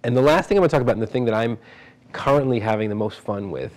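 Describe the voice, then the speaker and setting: A man giving an academic lecture in a quick, conversational way, often restarting his sentences. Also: medium pitch, lively intonation, a little mellow. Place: lecture hall.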